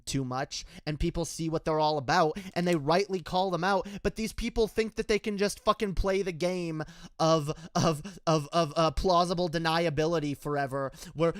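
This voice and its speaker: A man's voice: on the high side, normal speed, clear, resonant tone, no room sound. A man giving a heated, profane political rant, full of stammered restarts. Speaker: political commentator. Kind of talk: casual ranting commentary.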